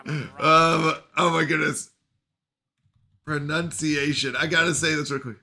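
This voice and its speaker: A man's voice: fairly high pitch, measured pace, long pauses, bright, forceful tone. A man live-streaming in a casual, playful way, reading chat messages aloud and joking around. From Canada. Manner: playful, chatty, reads chat messages aloud, jokes about pronunciation.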